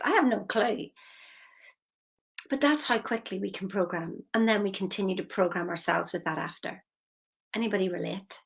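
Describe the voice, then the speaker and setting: A woman's voice: medium pitch, fairly bright tone, slightly rough. A woman giving a motivational talk, telling a story in a chatty way and asking listeners questions. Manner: chatty, asks the listener questions, drops to a whisper for emphasis. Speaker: motivational coach.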